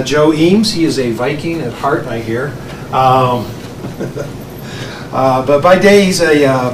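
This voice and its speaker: A man introducing the speaker at a meetup, joking and pausing with many fillers. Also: mid-range voice, distant mic. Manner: jokey, halting, many fillers. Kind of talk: event introduction. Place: meetup room. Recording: echoey room, mic from afar, noisy.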